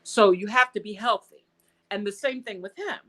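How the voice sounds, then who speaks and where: A woman's voice: medium pitch, moderate pace, rough recording. American woman telling her story. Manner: animated, acts out quoted dialogue. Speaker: guest. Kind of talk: casual interview storytelling.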